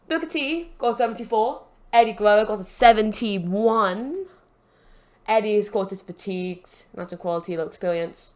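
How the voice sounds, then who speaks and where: A woman's voice: mid-range voice, moderate pace. A woman hosting a gaming channel, casually narrating matches and rambling with jokes and plugs. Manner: rambling, joking, self-promoting. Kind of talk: casual game commentary. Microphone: desk mic with a broken stand.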